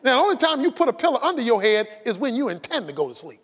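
A man preaching a fiery sermon, shouting and stretching words for emphasis, with a folksy conversational edge. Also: very high-pitched, very animated, fast, a little hiss or hum. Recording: long hall reverb.

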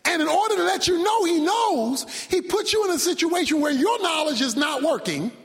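A preacher with a very high, lively voice delivers a sermon. He swings from fervent shouts to low, hushed lines. Everything rings in the long reverb of a big hall. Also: normal speed. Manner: dramatic, shouting, sudden drops to near whisper.

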